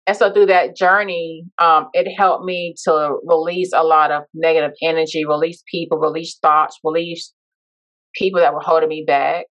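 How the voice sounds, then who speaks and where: Heartfelt woman guest, slightly low, muffled audio. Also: little pitch movement, moderate pace, fairly bright tone. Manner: heartfelt, reflective. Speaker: podcast guest. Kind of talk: personal storytelling. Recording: dull lo-fi sound.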